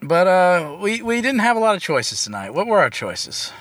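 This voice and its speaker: A man's voice: high-pitched, sing-song, normal speed, a bit bright, no echo. A man co-hosting a movie podcast in casual chat, sarcastic and profane, ranting his opinions. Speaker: podcast co-host.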